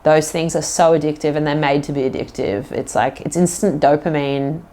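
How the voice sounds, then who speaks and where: A woman's voice: low-pitched, steady tone, normal speed, dark tone. A woman hosting a casual solo podcast, rambling loosely with lots of "like" and "um" and slipping into playful put-on accents. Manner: rambling, fills talk with "like" and "um". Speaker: podcast host.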